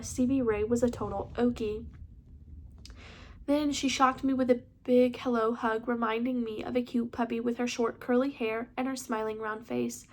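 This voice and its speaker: A woman's voice: on the high side, little pitch movement, moderate pace. A woman hosting her channel, reading a novel aloud with small slips and restarts. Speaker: book reader, channel host. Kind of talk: casual audiobook reading.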